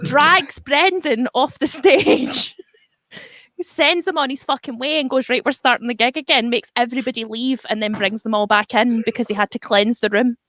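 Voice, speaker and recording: Brief: Scottish woman comic, bright higher voice, dry close sound, animated anecdote-teller. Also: moderate pace, dry recording. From Scotland. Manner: animated, sweary anecdotes with acted-out quotes. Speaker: comedian and stream co-host. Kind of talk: casual chat, storytelling.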